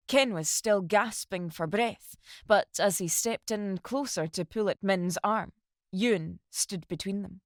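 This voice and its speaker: A woman reading a dramatic novel aloud as narrator, in steady storytelling. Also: mid-range voice, a little slow, no echo, clean studio sound. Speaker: audiobook narrator.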